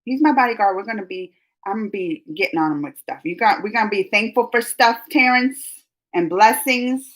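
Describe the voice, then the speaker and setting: A woman's voice: mid-range voice, lively intonation, a little fast, fairly bright tone, poor audio. A woman hosting a casual live chat with viewers, rambling and laughing as she answers their comments. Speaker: live-stream host.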